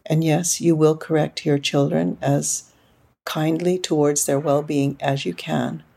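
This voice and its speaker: A middle-aged woman speaks as a parenting coach in reflective podcast talk. She tells her stories gently and unhurriedly, restarting now and then. Her voice is husky and gravelly, with a dark, mellow tone. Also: sits low, little pitch movement, measured pace.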